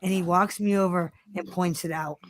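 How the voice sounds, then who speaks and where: A woman's voice: lowish voice, normal speed, crowd noise. A woman hosting a casual chat show, telling a rambling story full of swearing and acted-out quotes of herself. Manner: animated, swears constantly, acts out her own quotes. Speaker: podcast host.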